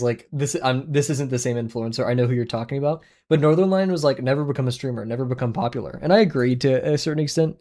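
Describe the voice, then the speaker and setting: A young man chats with his viewers while he draws on a livestream. He rambles from topic to topic and often breaks into laughter. His voice sits in an ordinary middle pitch, but it bounces up whenever he gets excited. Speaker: art livestreamer. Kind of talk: casual chat with viewers while drawing.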